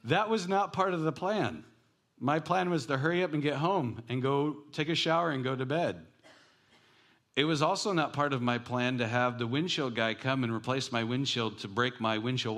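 A man's voice: medium pitch, a bit bright. A man preaching a sermon as pastor, telling stories animatedly with self-deprecating jokes.

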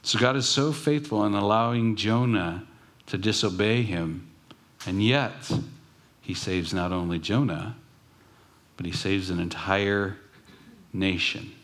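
A man's voice: fairly low pitch, slow pace, long pauses, a bit bright. A man preaching a sermon as pastor, earnest, with emphatic rising bursts.

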